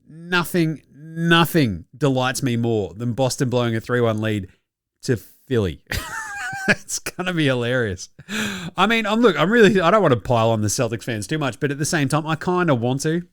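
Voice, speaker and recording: A man's voice: medium pitch, animated, normal speed, no room sound, clean studio sound. A young adult man with an Australian accent hosting a casual basketball commentary show, mocking and swearing freely with frequent chuckles. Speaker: basketball podcast host.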